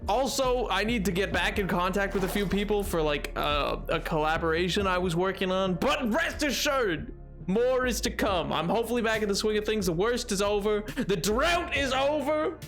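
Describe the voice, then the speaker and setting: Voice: medium pitch, expressive, normal speed, a bit bright. A streamer chatting casually with viewers, playfully greeting people in a sing-song way and reading chat aloud with frequent laughs. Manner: frequent laughs and mock exclamations. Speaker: livestream host. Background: faint music playlist.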